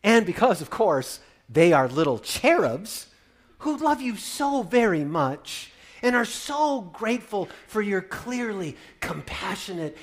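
A man and parent preaching a sermon, swinging from loud proclaiming to hushed wonder, with wry, playful storytelling. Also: sits high. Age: adult parent. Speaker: pastor.

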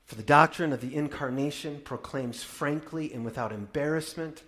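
A man and parent preaching a sermon, swinging from loud proclaiming to hushed wonder, with wry, playful storytelling. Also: mid-range voice. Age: adult parent. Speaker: pastor.

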